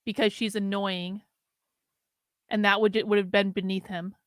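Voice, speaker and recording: A woman hosting a casual reaction show, chatting in quick, gossipy asides. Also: medium pitch, level tone, fairly bright tone, no room sound, clean studio sound. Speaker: host reacting to clips.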